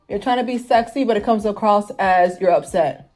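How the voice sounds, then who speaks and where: A woman's voice: mid-range voice, moderate pace, faint music behind. A woman in her thirties giving a casual, rambling review, full of "like" and frequent laughter. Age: 30s. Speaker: fashion show reviewer.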